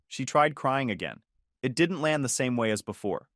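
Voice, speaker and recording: A man tells a first-person story in a calm, measured, matter-of-fact manner. His pitch rises and falls in a lively way even when he stays composed. The recording is dry and close. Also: dry recording. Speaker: narrator.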